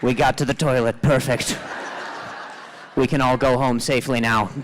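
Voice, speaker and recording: A man's voice: medium pitch, steady tone, normal speed, some chatter behind, a little hiss or hum, rough recording. Stammering male comic riffing on stage. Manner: riffing, playful, mock-exasperated, stammering restarts. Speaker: stand-up comedian. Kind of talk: live stand-up crowd work. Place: comedy club stage with live audience.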